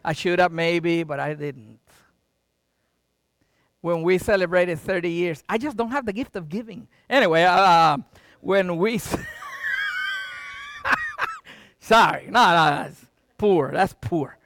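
A middle-aged man pastor preaching a sermon, with dramatic swings between loud and quiet and folksy asides to the congregation. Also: high voice, measured pace, no room sound, studio quality.

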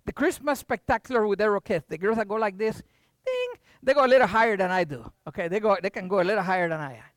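An older preacher delivers a sermon with a very lively, swinging delivery. Quiet asides turn into loud, rising bursts. The sound is close and dry, with no room echo. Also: mid-range voice, fast. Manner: animated, jumps from hushed to loud.

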